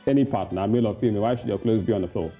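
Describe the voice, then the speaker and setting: A man's voice: lowish voice, rapid-fire, narrow, tinny audio, faint music behind. A man co-hosting a breakfast news show, wry and hesitant with many fillers. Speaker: co-host. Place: TV studio.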